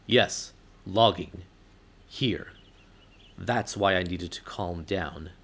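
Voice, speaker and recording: A man reading a slow, grave forest guardian. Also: low-pitched, a bit bright, breathy edge, exaggerated voice. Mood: solemn.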